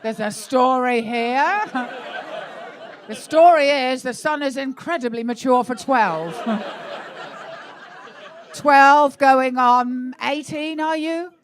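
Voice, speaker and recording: A woman's voice: sits high, slow, long pauses, a faint crowd, slight background noise. A middle-aged woman doing live stand-up in a comedy club, blunt and sweary, teasing audience members about their relationships. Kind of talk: live stand-up crowd work.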